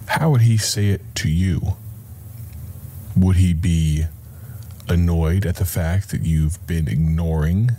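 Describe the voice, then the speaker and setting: With a deep, mellow voice, he hosts a radio Bible program and offers a conversational devotional sermon, naming the listener his friend. The pacing is slow and reflective, with deliberate pauses.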